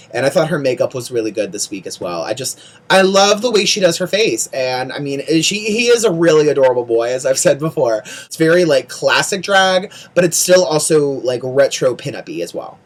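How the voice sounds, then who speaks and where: A vlogger chatting casually through a TV show recap, gushing and ranting by turns, sprinkling in "like" and repeating words in quick runs. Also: mid-range voice.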